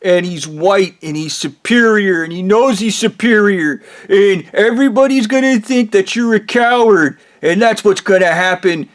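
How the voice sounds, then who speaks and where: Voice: mid-range voice, normal speed, few pauses, pitched above the performer's own voice, natural voice. A man putting on the voice of a taunting, gloating villain, mocking and cackling.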